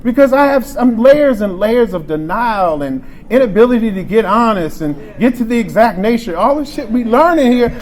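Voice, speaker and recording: At a recovery convention meeting room, a man in his forties shares a frank, emotional personal testimony about his recovery, often restarting sentences. His voice is extremely high-pitched, animated and a little mellow, moving at normal speed with hardly any pauses.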